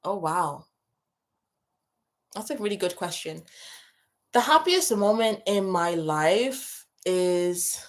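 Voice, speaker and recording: A woman's voice: medium pitch, expressive, normal speed, fairly bright tone. A young woman hosting a casual livestream, reading out viewer questions and answering them in a chatty, emotional way full of fillers and restarts. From moved to England from abroad. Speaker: YouTube livestream host.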